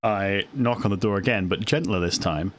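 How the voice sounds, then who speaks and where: A man's voice: fairly low pitch, moderate pace, fairly bright tone. A man playing a tabletop game, scheming and laughing often, in a casual chat. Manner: scheming, laughs often, restarts mid-sentence. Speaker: player.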